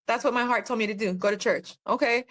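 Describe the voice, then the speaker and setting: A woman's voice: on the high side, fast, fairly bright tone. A woman, a guest on a podcast, telling her own story in a rambling, earnest way with many fillers. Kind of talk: personal testimony in conversation.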